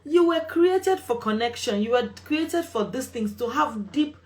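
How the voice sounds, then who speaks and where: Speaking straight to her viewers, a woman host gives relationship advice in a firm, emphatic way, repeating phrases for stress. Her voice is a little high and expressive, at a measured pace.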